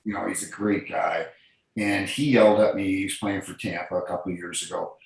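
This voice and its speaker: A man's voice: sits low, fairly even intonation, a little fast, vocal fry. A middle-aged man from New Brunswick, Canada, a former referee telling earnest stories in a casual interview over a video call. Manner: earnest, repeats and restarts phrases, tells anecdotes. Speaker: guest, former hockey referee. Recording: very echoey room.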